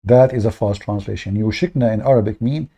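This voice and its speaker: A man hosting an online debate livestream, speaking in a mocking, sarcastic way with many halting fillers. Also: on the low side, vocal fry, mellow, slightly rough. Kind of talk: livestream commentary.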